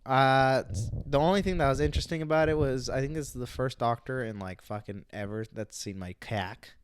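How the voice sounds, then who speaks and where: A man's voice: mid-range voice, brisk, clean tone. A young man co-hosting a podcast, telling rambling stories in casual chat, full of fillers, on a close dry mic. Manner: rambling storyteller, filler-heavy. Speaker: podcast co-host.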